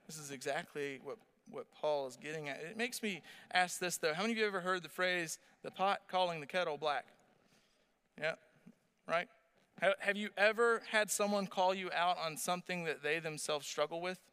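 Bright-voiced animated male preacher. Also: on the high side, moderate pace, clear, resonant tone. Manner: animated storytelling, asks the audience questions. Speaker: pastor. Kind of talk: sermon.

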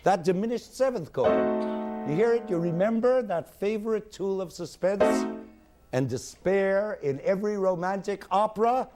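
A man giving a university music lecture in a hall, expressive and singing examples at the piano. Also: high-pitched, normal speed.

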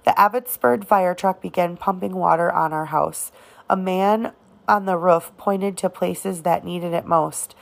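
A woman narrating a novel in a low voice with a gravelly creak. She reads at an even, measured pace, in plain audiobook narration. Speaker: reader.

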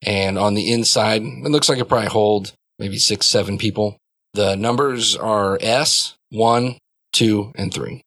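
A man's voice: on the low side, steady tone, a little slow, a bit bright, dry recording. Loose-talking man running a tabletop game. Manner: loose and descriptive, many fillers. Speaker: game master.

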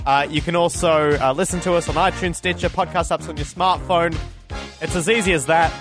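A man's voice: fairly high pitch, steady tone, brisk, over music. A man co-hosting a movie podcast, chatting casually and rambling through stories, often stopping to correct himself. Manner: rambling, self-correcting storyteller. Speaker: podcast co-host. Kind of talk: casual chat.

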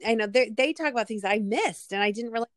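A woman's voice: on the high side, no room sound. Agreeable woman in her forties, dry sound. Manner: agreeable, halting, many short backchannels. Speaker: podcast co-host. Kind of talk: casual chat.

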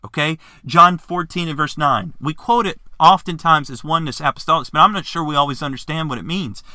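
A man's voice: on the high side, a little fast, pushed and bright, no echo, clean studio sound. A man teaching a Bible lesson in an earnest, fervent way, often stumbling and restarting his phrases.

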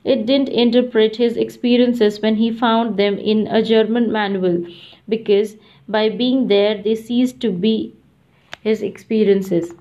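A woman's voice: a little high, steady tone, a little slow, dark tone. Woman narrating a novel, muffled lo-fi. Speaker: audiobook narrator. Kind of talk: scripted narration. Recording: dull lo-fi audiobook recording.

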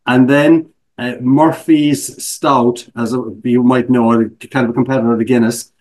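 A man's voice: medium pitch, level tone, measured pace, darkish tone. A middle-aged man from Ireland with an Irish accent, a guest speaker telling stories in a casual interview with self-mocking humor.

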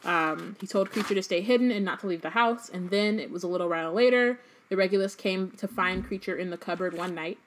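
A woman's voice: medium pitch, brisk, hardly any pauses, a little hiss or hum. A woman co-hosting a podcast, casually summarizing a book chapter in a loose, chatty way. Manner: chatty, loose, frequent "um" and asides. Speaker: podcast co-host.

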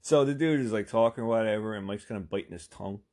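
A man's voice: fairly low pitch, fast, a little mellow. A man telling a long casual anecdote, rambling and swearing with lots of fillers. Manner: rambling, profane, full of fillers. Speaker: storyteller.

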